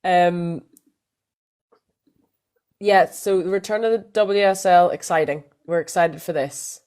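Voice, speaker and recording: A woman's voice: on the low side, takes it slowly, a little mellow. A woman co-hosting a casual women's football podcast, chatting with plenty of fillers and restarts. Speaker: podcast co-host.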